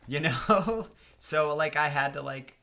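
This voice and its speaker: A man's voice: on the high side, slow, vocal fry, bright, forceful tone. A man co-hosting a podcast in casual chat, talking loosely and profanely, with frequent restarts. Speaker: podcast co-host.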